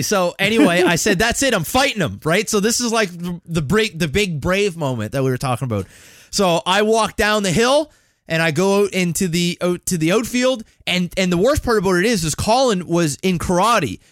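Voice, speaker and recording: Homem contando história, falante e desbocado. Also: male voice, high-pitched, no echo, studio quality. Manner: rambling, profane, animated when excited. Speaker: podcast co-host. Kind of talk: casual storytelling chat.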